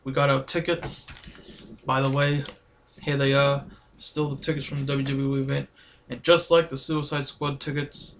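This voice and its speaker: A man vlogging to camera, telling a story excitedly and rambling, often calling his viewers guys. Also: mid-range voice, slight background noise.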